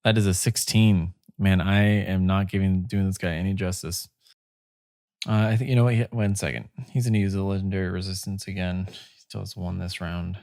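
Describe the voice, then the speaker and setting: A man narrating as game master of a tabletop game, slow and halting with many fillers. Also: low voice, steady tone, creaky, a little mellow, no room sound, studio quality.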